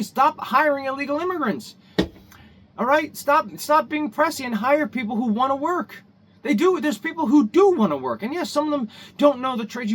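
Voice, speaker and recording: A man vents in an angry vlog rant, his voice pitched high and noticeably husky. He swears constantly, repeats himself and trips over his own restarts as he pushes his point. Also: a bit bright. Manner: profane, heated, repetitive, stumbling restarts. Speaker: vlogger.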